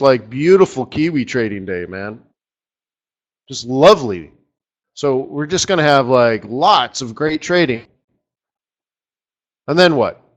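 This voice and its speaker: A man hosting a live trading session, chatty and excitable, breaking into lively exclamations. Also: mid-range voice. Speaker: market strategist host. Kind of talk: live trading webinar commentary.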